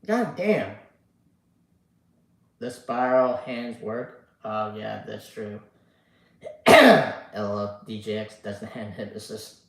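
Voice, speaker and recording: A man's voice: lowish voice, animated, slow pace, vocal fry, pauses often, reverberant, low-quality recording. Drowsy rambling man on a live stream. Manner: rambling, swears casually, many fillers. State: sleepy, yawning. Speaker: livestream host reading chat. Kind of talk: casual live-stream chat.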